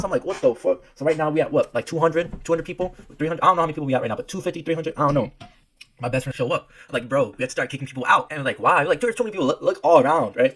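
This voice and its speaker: Young man, very fast talker, slangy storytime vlog, excitable delivery. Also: medium pitch.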